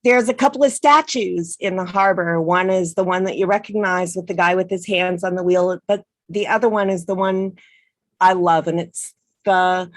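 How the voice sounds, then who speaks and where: A woman folk singer who introduces her song earnestly with some hesitation, then sings a slow ballad unaccompanied over a video call. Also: on the low side, fairly even intonation, no echo, studio quality. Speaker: festival singer.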